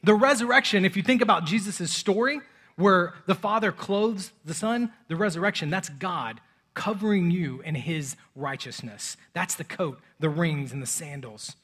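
A man in his thirties preaching a sermon, swinging between loud urgency and soft, hushed moments. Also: high voice, normal speed, slightly rough. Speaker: pastor.

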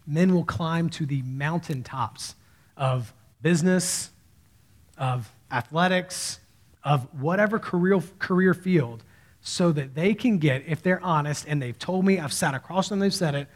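Male pastor, 30s, chatty story-driven sermon, voice sits a bit high. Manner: conversational storytelling preacher, animated quoted voices.

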